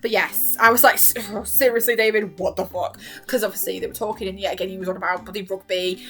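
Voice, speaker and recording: A woman chatting through a TV recap in a rambling, casual way. She laughs often and slips into quick quoted asides. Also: mid-range voice, fairly even intonation, a bit bright, soft background music. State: hoarse after long talking. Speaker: vlogger.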